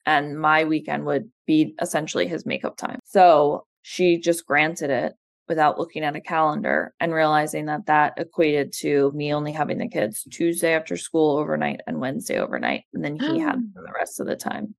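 A woman with a low, gravelly voice talks steadily and earnestly through a personal account, peppering her speech with "you know." The sound is close and dry, with no room around it. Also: normal speed, no echo. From New Jersey, USA. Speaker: interview guest, advocate. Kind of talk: candid personal account in conversation.

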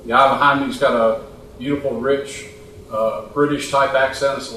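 A man, a pastor, telling a lively story at a church panel and quoting people as he goes. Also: mid-range voice, fairly quick. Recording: echoey room, far from the mic, faint noise.

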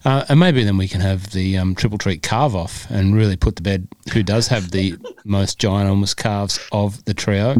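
A man's voice: on the low side, normal speed, hardly any pauses, a little mellow. A man hosting a casual podcast, joking and rambling with frequent laughs. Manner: jokey, rambling, laughs often. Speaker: podcast host.

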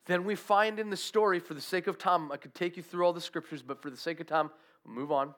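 A man preaching a sermon, telling a Bible story with animated, acted-out quotes. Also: high-pitched, fast talker. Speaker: pastor.

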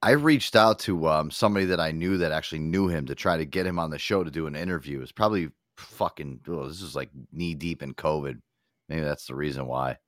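A man's voice: a bass voice, a little fast, no room sound, studio quality. A man hosting a podcast in loose, profane, enthusiastic casual chat. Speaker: podcast host.

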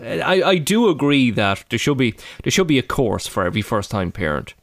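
An Irish man in his thirties talks through a casual podcast chat, rambling along with plenty of "you know" fillers. His voice sits at an ordinary middle pitch. The recording is dry and close, with no room sound. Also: sing-song, brisk, no echo. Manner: rambling, chatty, frequent fillers. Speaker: podcast co-host.

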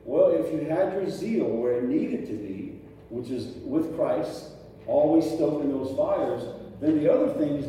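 A man preaches to his congregation in a relaxed, talky sermon, his mellow voice sitting a little high. He keeps asking the room whether they follow him. The sound is distant and washed in the long reverb of a large hall, with faint ambience underneath. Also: a little hiss or hum. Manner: conversational preaching with rhetorical questions to the congregation. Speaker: pastor. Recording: echoey hall picked up from afar, faint ambience.

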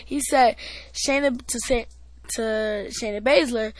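Brief: higher-voiced woman, podcast host, rambling casual recap, dry close sound. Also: dry recording. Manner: rambling, halting, with many restarts and fillers. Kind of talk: casual wrestling recap chat.

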